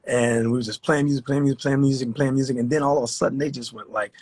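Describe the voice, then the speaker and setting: A man interviewing an artist in a casual, enthusiastic way, often pausing with fillers. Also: mid-range voice, fairly even intonation, a little mellow, breathy edge, no room sound.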